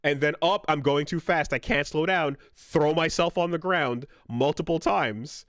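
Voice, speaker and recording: Animated swearing man telling stories. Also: fairly high pitch, measured pace, no echo, studio quality. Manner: animated storyteller, swears freely, yells quoted voices. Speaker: podcast co-host. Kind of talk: casual chat, storytelling.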